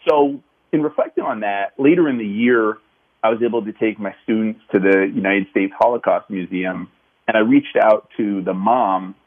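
This fairly low-pitched man comes through with phone-quality sound. A city councilman, he earnestly tells a personal story from his teaching days in conversation, reflective in tone and restarting frequently.

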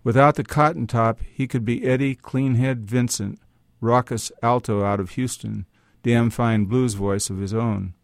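A man's voice: medium pitch, fairly even intonation, a little slow, gravelly, no echo. A man reading first-person literary fiction aloud in a wry, hard-boiled manner, in a dry, close recording. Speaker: story reader.

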